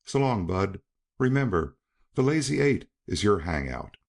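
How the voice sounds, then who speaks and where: A man's voice: lowish voice, big pitch swings, unhurried, creaky, full character voice. A man voicing a blunt older cowman who talks in a whimsical, folksy drawl. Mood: cheerful. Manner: drawling, folksy frontier talk.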